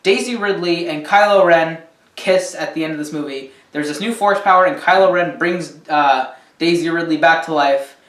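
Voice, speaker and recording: A man's voice: on the high side, normal speed, fairly bright tone. Man, casual rant, rambling with lots of ums, swears, distant mic, roomy echo. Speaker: movie reviewer. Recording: echoey room, distant mic.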